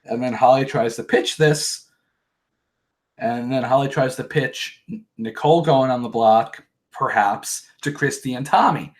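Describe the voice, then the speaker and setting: Podcast host, man, mid-pitched, casual recap style, rambling and profane. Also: unhurried. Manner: rambling, profane, joking asides. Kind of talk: casual reality-show recap.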